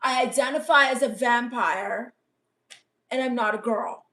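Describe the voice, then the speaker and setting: High-voiced deadpan gothic valley-girl woman. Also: measured pace. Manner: misanthropic, dismissive. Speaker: comedic livestream host reading chat. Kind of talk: deadpan character comedy livestream.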